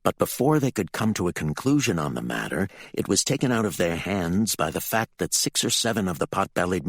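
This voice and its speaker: A man narrating a fantasy audiobook with expressive, dramatic storytelling. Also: low voice, dry recording.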